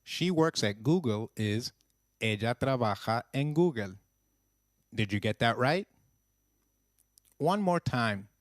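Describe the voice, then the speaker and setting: A man narrating a scripted language lesson in an even teaching voice, slowing down to model phrases. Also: medium pitch, dry recording, clean studio sound.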